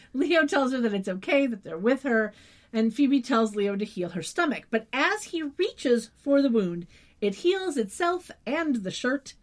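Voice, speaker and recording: A woman's voice: fairly high pitch, very animated, unhurried. A woman co-hosting a podcast, chatting casually and giving her opinions with sarcastic asides. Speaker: podcast co-host. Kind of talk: casual recap chat.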